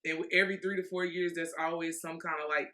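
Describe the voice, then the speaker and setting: Bright-voiced woman podcast host, chatty. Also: on the low side, little pitch movement, quick pace. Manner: upbeat, chatty, addresses listeners as "guys" and "y'all". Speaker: podcast host and life coach. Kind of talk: casual podcast chat.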